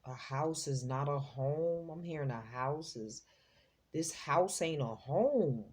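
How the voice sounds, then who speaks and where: Female tarot host, low mellow voice, casual and slangy, exclaims freely. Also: lively intonation, slow, husky. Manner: chatty, slangy, exclaims as she reads the cards. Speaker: psychic tarot reader, host.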